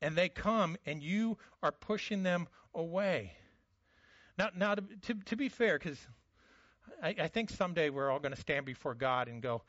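Man, pastor, sermon, high voice, stammering restarts, dry muffled sound. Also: normal speed, a bit bright, no echo. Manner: conversational preaching with frequent stammered restarts.

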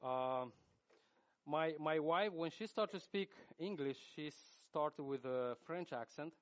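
A man with a Russian accent whose first language is Romanian, preaching a sermon in a slow, halting way with frequent fillers and restarts. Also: fairly high pitch, dull audio.

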